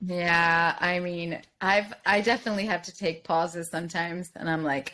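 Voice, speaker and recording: A woman in her thirties, a guest in a casual podcast chat, candid and quick to laugh, swearing casually as she acts out her own past words. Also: lowish voice, steady tone, pushed and bright.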